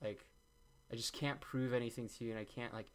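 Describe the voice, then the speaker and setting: With medium pitch, fairly even intonation and a slightly quick pace, a man vlogs his homemade juice recipe. His instructions ramble and joke, and he often backs off a joke by adding "I'm kidding."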